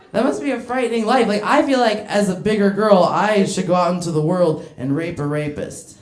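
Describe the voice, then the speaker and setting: A woman's voice: mid-range voice, normal speed, darkish tone, roomy sound. A woman doing a stand-up comedy set in a club, brash and crude, working the crowd and laughing between her lines.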